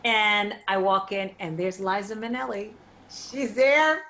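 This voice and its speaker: A woman's voice: mid-range voice, moderate pace, a little hiss or hum. A woman performer in an interview, telling a story in a chatty way and acting out the people in it. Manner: animated storyteller, acts out dialogue. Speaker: performer and vocal clinician. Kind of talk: casual anecdote in an interview.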